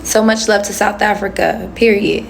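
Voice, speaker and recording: A woman's voice: medium pitch, steady tone, normal speed, gravelly, a little hiss or hum. A young woman in her twenties hosting a casual livestream, chatting and answering comments with slangy asides into a phone. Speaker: livestream host.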